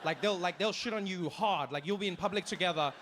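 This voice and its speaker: A man's voice: high voice, fast talker, slight background noise. A man from South Africa with a South African accent telling a stand-up story, acting out the people in it. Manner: animated, acts out characters, self-deprecating. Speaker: stand-up comedian.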